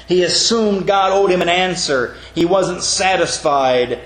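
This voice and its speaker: A man's voice: high-pitched, unhurried, few pauses, fairly bright tone. A man preaching a sermon in an earnest manner, often calling his listeners friends. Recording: echoey room with faint background noise.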